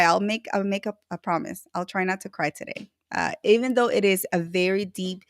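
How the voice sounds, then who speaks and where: A woman hosting a casual livestream, giving bubbly, effusive shout-outs to viewers. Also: mid-range voice, a little fast, no room sound. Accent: Latina-flavored American English. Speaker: livestream host.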